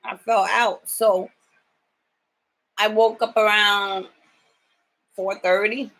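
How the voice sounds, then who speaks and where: A woman's voice: mid-range voice, level tone, slow, fairly bright tone, low-quality recording. A woman caregiver talking in a casual video diary. She is tired from lack of sleep and talks bluntly, swearing freely as she vents. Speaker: home caregiver.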